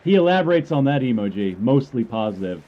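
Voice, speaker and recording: A man's voice: medium pitch, very animated, a little fast, dull audio. A man ranting about a game update, rambling and stammering in frustration. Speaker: gamer commentator. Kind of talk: ranting commentary.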